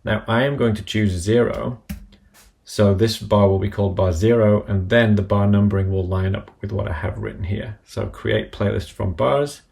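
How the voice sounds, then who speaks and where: A man with a low, gravelly voice explains each step of a software tutorial in a measured, methodical way. He works through the instructions one item at a time, in a plain instructional tone. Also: steady tone. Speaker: app tutorial presenter. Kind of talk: screen-recorded software tutorial.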